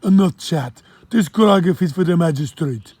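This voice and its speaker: A man voicing a loud, bossy Jamaican dockside man with a heavy accent, drawing his words out slowly. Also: fairly high pitch, expressive, breathy edge, no echo, voice pushed up. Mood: bossy, mocking. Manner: loud, drawn-out and slow.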